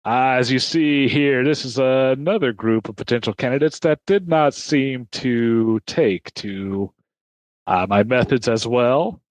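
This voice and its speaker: A man voicing a scheming male villain speaking over an intercom, smooth at first and turning shrill. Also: unhurried, dry recording, lightly acted, low-quality recording. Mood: coaxing. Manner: coaxing, then shrill and shouting.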